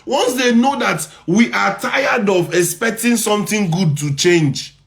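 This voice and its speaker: A man's voice: high voice, measured pace, gravelly, a bit bright. A man with a Nigerian accent giving impassioned commentary, repeating his points and firing rhetorical questions. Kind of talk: impassioned social media commentary.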